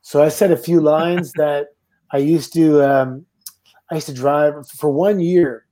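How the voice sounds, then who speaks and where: A middle-aged Canadian man, a former wrestler, telling relaxed anecdotes with laughs as a guest. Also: a little high, a little slow. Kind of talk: casual storytelling.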